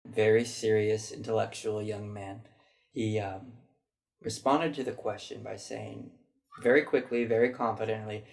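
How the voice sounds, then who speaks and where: A man's voice: on the low side, steady tone, measured pace, vocal fry. A man vlogging in a chatty, reflective way, recounting people's answers to a question and mimicking them as he goes. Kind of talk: casual storytelling monologue.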